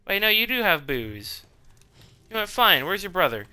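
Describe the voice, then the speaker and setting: A man's voice: sits high, very animated, moderate pace, bright, forceful tone, clear, resonant tone, no room sound. A man streaming a game who chats casually, swears freely and talks back to the characters on screen. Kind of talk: casual live gameplay chat. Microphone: desk microphone.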